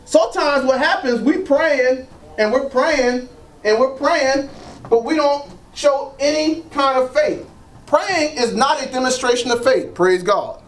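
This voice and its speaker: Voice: sits high, a little slow. A preacher giving an emphatic sermon that leads the congregation in call-and-response. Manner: emphatic, repeats phrases, frequent "praise God".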